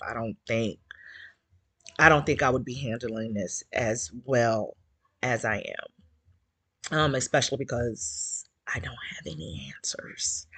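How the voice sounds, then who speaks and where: Woman, candid casual chat, teary, rambling, gravelly, dry close sound. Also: extremely low pitch, a bit bright, dry recording. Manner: candid and emotional, rambling with many fillers. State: slightly teary. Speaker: community group host.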